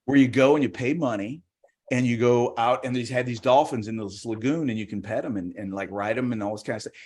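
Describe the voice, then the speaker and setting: A man's voice: mid-range voice, fairly quick, a little mellow, husky. A man doing stand-up comedy on a video call, chatty and rambling, with plenty of restarts and put-on voices. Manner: chatty, rambling, self-interrupting, acts out voices. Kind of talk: stand-up comedy on a virtual show.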